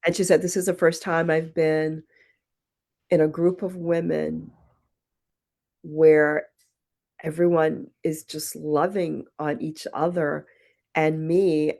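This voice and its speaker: Gravelly and low, with a darkish tone, this woman's voice belongs to a poet and retreat founder appearing as a podcast guest. She tells personal stories thoughtfully, performing the dialogue she quotes.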